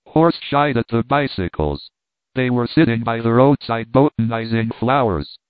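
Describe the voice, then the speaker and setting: A man reading the part of a brash gentleman who shrugs off a fall, in offhand clipped phrases. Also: mid-range voice, expressive, normal speed, clean tone, no echo, close to an everyday voice. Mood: brisk. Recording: tinny phone-like dry sound.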